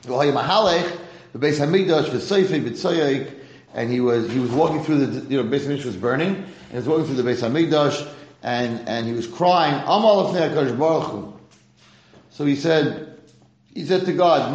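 A man's voice: medium pitch, normal speed, a little mellow, roomy sound, poor audio. A man teaching a religious lesson to a class, posing rhetorical questions and mixing in Hebrew terms. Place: room with a class present.

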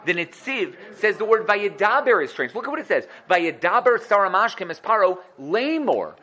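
High, bright-voiced man teaching Torah. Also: moderate pace. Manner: lively, acts out quoted lines with rising excitement. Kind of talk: weekly Torah portion class.

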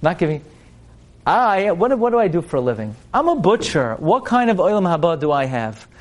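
A man voicing a blunt, stubborn butcher with a gruff, defiant manner. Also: high-pitched, big pitch swings, moderate pace.

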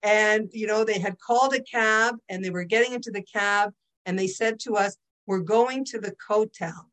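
A woman's voice: mid-range voice, moderate pace, rough recording. Middle-aged woman teaching a Torah lesson. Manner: animated, conversational, asks the audience "okay?" and "hello?". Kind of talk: Jewish religious lesson with storytelling.

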